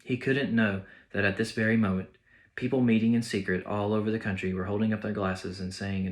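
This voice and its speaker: Brief: man with a lowish voice reading a book aloud to his students, plain and steady. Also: brisk. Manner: plain, steady, small slips and restarts. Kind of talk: audiobook-style read-aloud.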